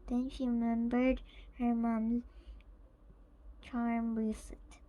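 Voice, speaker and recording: A woman reading a children's picture book aloud in a slow, careful, gentle way. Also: on the high side, level tone, poor audio. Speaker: storyteller.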